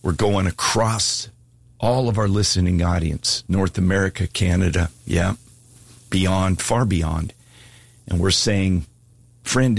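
A man's voice: low voice, creaky, breathy edge, no room sound. A man preaching a broadcast sermon, earnest and pleading, building to fervent appeals. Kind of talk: sermon with altar call.

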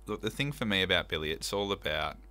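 A man's voice: sits low, lively intonation, quick pace, bright, forceful tone. A man talking about his theatre production in a casual interview, earnest and enthusiastic, with many fillers. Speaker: theatre director, guest.

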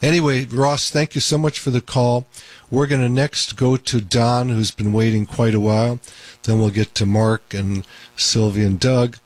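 A man's voice: mid-range voice, steady tone, moderate pace, darkish tone, no echo. A man hosting a call-in radio show as a doctor, talking in an emphatic, repetitive way. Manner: talkative, emphatic, repeats points.

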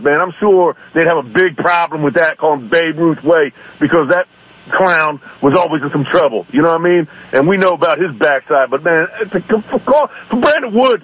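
A man's voice: a little high, a bit bright, slightly rough. A man calling in to a radio show by phone, ranting indignantly and fired up. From East Baltimore. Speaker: caller. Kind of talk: phone-in rant. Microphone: telephone. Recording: muffled phone line.

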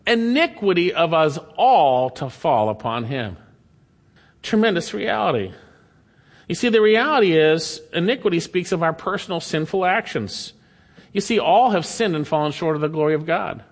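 Male preacher mid-sermon, high-pitched, swinging between emphatic peaks and quiet drops, reverberant church sound. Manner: preaching with emphatic rises and drops, reading scripture aloud. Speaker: pastor. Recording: long hall reverb.

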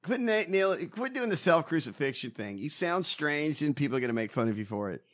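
A man co-hosts a casual political chat, and he is blunt, mocking and heavy on profanity. His voice is bright and forceful, somewhat high for a man. His pitch swings widely as he rants. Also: sing-song, a little fast. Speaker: podcast co-host.

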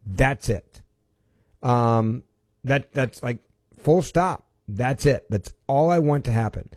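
A man's voice: mid-range voice, takes it slowly, no echo. Emphatic male talk radio host, dry studio sound. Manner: emphatic, repeats words, many restarts. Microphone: studio microphone.

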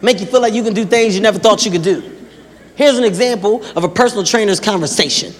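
A man performing a stand-up comedy routine, telling stories with lively acted-out quotes. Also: high-pitched, brisk. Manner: animated storytelling with acted-out quotes. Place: large live venue with audience. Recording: live hall with faint ambience.

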